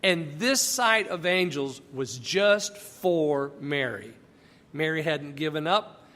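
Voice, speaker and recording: Male Bible teacher, high and bright, conversational and emphatic, long reverb. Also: lively intonation, slow pace.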